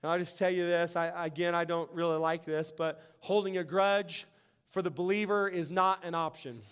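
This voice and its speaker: A man preaching a sermon as pastor, excitable and animated, laughing often as he talks. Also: high-pitched, moderate pace, clear, resonant tone.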